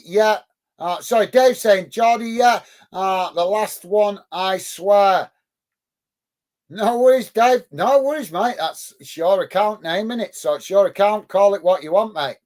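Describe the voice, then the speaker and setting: A man's voice: high voice, darkish tone. A man hosting a live football watch-along, calling the play and thanking chat viewers by name in an upbeat way, on a close mic. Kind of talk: live match commentary and chat reading. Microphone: close mic on a headset.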